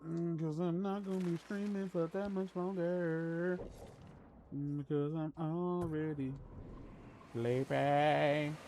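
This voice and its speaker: A man chatting casually on a live gaming stream, telling rambling, animated stories, restarting sentences and laughing at his own jokes. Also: on the high side, slow, slight background noise. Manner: restarts and stammers often.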